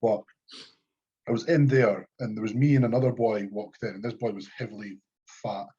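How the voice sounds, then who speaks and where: A man's voice: fairly low pitch, steady tone, brisk, warm tone, slightly rough, muffled recording. A Scottish man co-hosting a podcast, chatting casually in a blunt, sweary, dismissive way. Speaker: podcast co-host. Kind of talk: casual chat.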